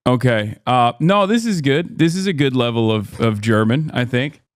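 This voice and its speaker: A male livestream host with a smooth, resonant voice speaks in a loose, rambling way full of ums and restarts. The sound is close and dry. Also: mid-range voice, lively intonation, normal speed, dry recording. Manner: talkative, frequent fillers and restarts. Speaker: streamer host. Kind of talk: casual livestream conversation.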